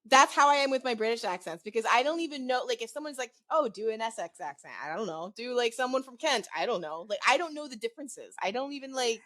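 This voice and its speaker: Lively, animated American woman. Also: on the high side, fast talker, few pauses, no room sound. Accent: mixed American. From United States. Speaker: podcast co-host. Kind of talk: casual chat.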